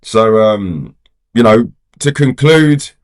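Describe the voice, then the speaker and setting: A man's voice: lowish voice, animated, slow pace. A man, a football fan vlogger ranting casually to camera in a rambling, exasperated way. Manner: rambling, exasperated, heavy on "you know" and "do you get what I'm saying".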